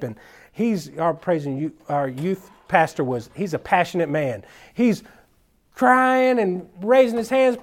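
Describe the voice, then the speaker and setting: A man who is a children's minister, telling stories at a conference in an animated, folksy way with casual slang. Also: fairly high pitch. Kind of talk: storytelling conference talk.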